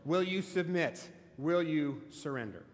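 A man's voice: fairly high pitch, animated, a little slow, big-room sound. A male pastor preaching a sermon, telling stories emphatically and asking the listeners questions. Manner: emphatic storytelling with rhetorical questions.

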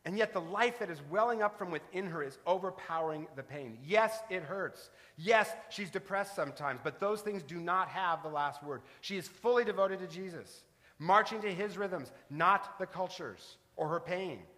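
A man's voice: high-pitched, normal speed, pushed and bright. A man preaching a sermon as pastor, telling stories with shifting emphasis. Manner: storytelling preacher, varied emphasis. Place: church sanctuary. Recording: reverberant church sanctuary.

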